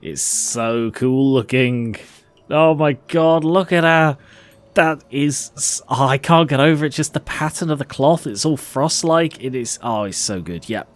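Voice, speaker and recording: A man giving casual, excitable gameplay commentary, laughing and swearing as he plays. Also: medium pitch, moderate pace, few pauses. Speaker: let's play host.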